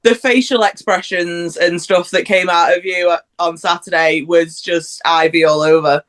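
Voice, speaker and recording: A woman's voice: lowish voice, fairly even intonation, measured pace, fairly bright tone. A woman hosting a casual podcast chat, talking about wrestlers in a chatty way. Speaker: podcast host.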